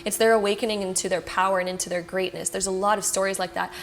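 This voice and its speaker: A woman giving a casual pick-a-card tarot reading to viewers. She talks fast and with excitement, reassures them, and fills her speech with "like" and "you know.". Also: mid-range voice, gravelly. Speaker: tarot reader.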